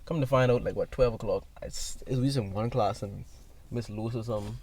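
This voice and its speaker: A young man telling a rambling, animated story in casual podcast chat, acting out other people's voices as he goes. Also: medium pitch, brisk. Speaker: podcast guest. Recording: distant mic with faint noise.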